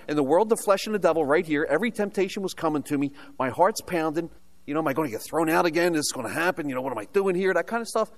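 Older American man, sermon, personal testimony, rhetorical questions, humorous asides, slightly high voice. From United States. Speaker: preacher.

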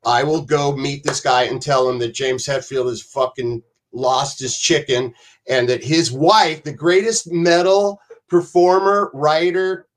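A man's voice: a little high, fairly even intonation, unhurried. A man telling rambling, profane stories as a podcast guest, acting out other people's voices as he goes. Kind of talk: casual storytelling on a podcast.

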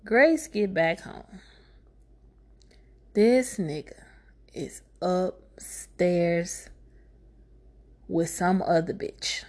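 A woman casually recapping a movie plot, cursing freely and breaking into loud, high-pitched outbursts of disbelief. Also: drawn-out words, long pauses. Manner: animated, profane, jumps into high exclaiming outbursts.

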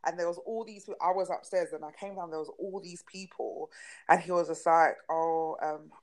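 A young woman, a podcast co-host telling stories in frank, animated casual chat and swearing freely. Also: fairly low pitch, a little fast, low-quality recording.

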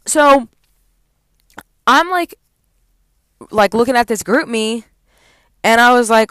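A woman's voice: fairly high pitch, lively intonation, unhurried, pauses often, a bit bright, no room sound. A young adult woman, a college student, venting in a heavily profane, heated vlog rant.

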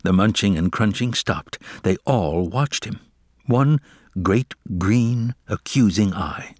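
Man with a lively storytelling voice. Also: lowish voice, slow pace, no echo, clean studio sound. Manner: expressive, dramatic storytelling. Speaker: narrator. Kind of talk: reading a children's novel aloud.

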